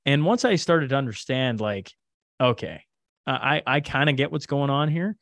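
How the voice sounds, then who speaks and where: A Canadian man, a podcaster and interview guest, talks loosely and candidly with plenty of fillers. His voice sits at a middle pitch, and the recording is dry and close. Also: lively intonation, normal speed, no room sound. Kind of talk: casual conversational interview.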